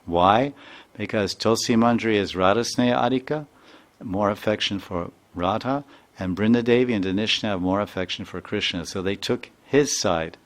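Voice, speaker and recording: Brief: a low-pitched male spiritual teacher storytelling in an earnest, repetitive sermon. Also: normal speed.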